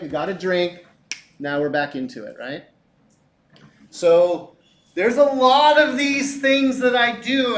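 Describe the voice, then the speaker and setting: A middle-aged man teaching a physics class, animated and chatty, often asking rhetorical questions. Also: sits high. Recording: echoey classroom.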